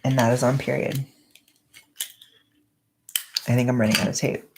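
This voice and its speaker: A young woman vlogging at home, chatting casually and rambling in a soft-spoken way while she wraps gifts. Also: very deep voice, little pitch movement, normal speed, background noise.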